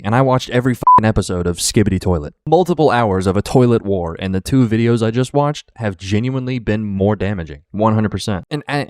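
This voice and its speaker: Low-voiced man ranting in exasperation. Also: no echo, clean studio sound. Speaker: reaction video host. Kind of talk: casual profane rant.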